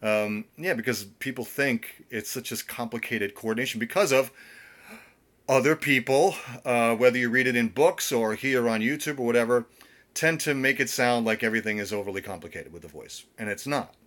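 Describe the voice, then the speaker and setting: A man's voice: mid-range voice, normal speed, fairly bright tone. A middle-aged man, a vocal coach, chatting casually on a live stream from home, rambling with many fillers and restarts.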